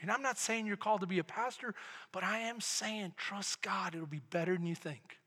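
A middle-aged man preaching a sermon as pastor, building from quiet storytelling to loud shouted preaching. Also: sits high, expressive, measured pace. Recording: long hall reverb.

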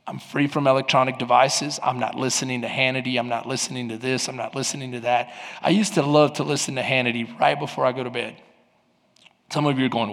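A male pastor delivering an animated sermon, moving from quiet prayerful tones to fervent, near-shouted preaching. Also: medium pitch, fairly quick, creaky. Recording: long hall reverb.

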